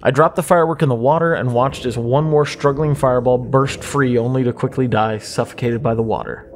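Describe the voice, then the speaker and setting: A man reads a horror story at a middle pitch, measured and suspenseful. His delivery stays steady and drawn out, with a faint hiss behind it. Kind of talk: scripted creepypasta narration.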